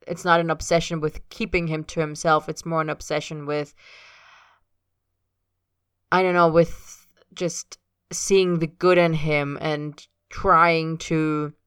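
A woman's voice: low voice, fairly even intonation, unhurried, a bit bright, clear, resonant tone, no echo, studio quality. A woman reading fan fiction aloud as an audiobook, giving a casual, reflective afterword about her recording. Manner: reflective, musing. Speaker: podfic reader.

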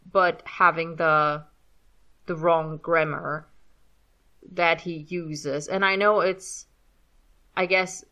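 A woman's voice: medium pitch, bright, forceful tone. A woman in her thirties with a light German accent, chatting in a rambling, self-deprecating way about her recordings. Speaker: fan audio reader. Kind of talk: casual spoken commentary.

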